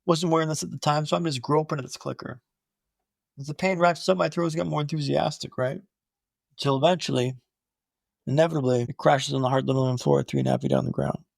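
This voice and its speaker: A young man telling his own story in an animated way, with punchy short phrases. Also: fairly high pitch, fast, vocal fry, no echo, studio quality.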